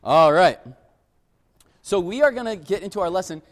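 A man's voice: sits high, animated, normal speed. A man preaching a casual, story-driven sermon, chatting loosely with plenty of "like" and acting out family scenes. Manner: chatty, uses "like" a lot, acts out family scenes. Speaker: pastor. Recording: long hall reverb.

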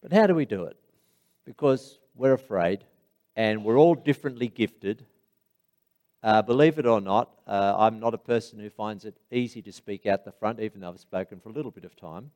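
A man preaching a sermon, with emphatic high bursts on key phrases and quiet, low asides while telling stories. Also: moderate pace. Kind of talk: sermon with storytelling.

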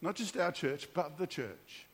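A man preaching a sermon, telling a story with animated character voices and frequent restarts. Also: a little high, unhurried, slightly rough, long reverb tail. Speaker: pastor.

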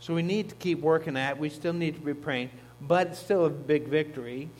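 A man's voice: fairly high pitch, a little fast, a little mellow. A man, a pastor, preaching a sermon in a conversational teaching manner, with asides to the congregation. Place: church.

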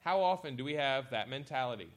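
A man preaching a sermon as a pastor, lively and animated, acting out sarcastic quotes and reading scripture aloud. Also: mid-range voice, a little fast.

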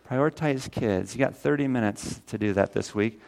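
Speaking at normal speed with few pauses, this pastor has a lowish voice edged with vocal fry. He delivers an energetic, folksy, earnest sermon, raising his volume whenever he quotes scripture, and is tearful for a brief moment.

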